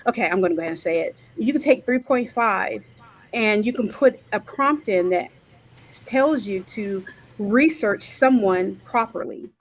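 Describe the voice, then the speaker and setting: A woman on a panel, talking casually with many pauses and self-corrections, over a video call. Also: medium pitch, animated, a little hiss or hum, rough recording. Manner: hesitant, lots of um and self-corrections.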